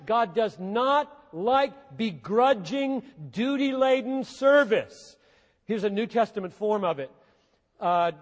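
Male pastor, high-pitched, passionate sermon delivery with big dynamic swings, recorded with a long hall echo. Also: expressive, measured pace, highs cut off. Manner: impassioned, swinging between quiet and loud emphasis.

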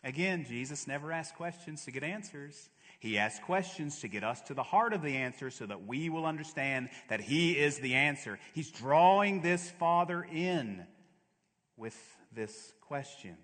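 Male pastor, dramatic sermon, loud then hushed, mid-pitched voice, long hall reverb. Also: lively intonation, normal speed, few pauses.

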